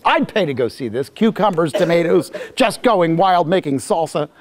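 Lively, joking Bible teacher. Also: medium pitch, normal speed. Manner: jokey and conversational, acting out scenes. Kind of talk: animated classroom lecture.

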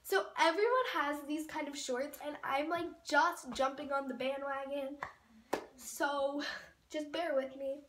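A woman's voice: sits high, unhurried. A teenage girl chatting casually through a haul video, gushing and rambling with lots of fillers. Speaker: vlogger. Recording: roomy echo, off-mic, faint noise.

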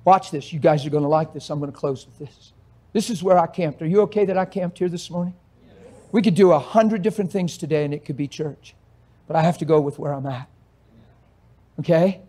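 A male pastor delivering a fiery sermon in a high-pitched voice. He swings between quiet, pointed talk and bursts of shouting. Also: fairly even intonation, fairly quick.

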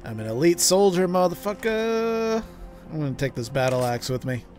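Rambling male game streamer. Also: mid-range voice. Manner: rambling storytelling with many restarts and laughs. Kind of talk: casual gameplay commentary.

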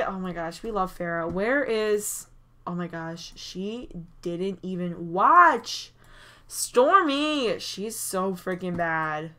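A woman giving chatty, excitable commentary over a life-sim game, recorded on a desk mic at her computer. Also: medium pitch, slow pace. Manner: chatty and excitable, frequent "oh my gosh" and small gasps. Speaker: gaming YouTuber. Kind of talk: casual gameplay commentary.

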